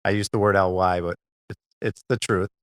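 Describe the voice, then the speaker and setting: A man with a fairly low voice hosts a casual interview. He asks loose, rambling questions and pads them with easygoing fillers. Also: steady tone, brisk, a bit bright, clean tone. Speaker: podcast host.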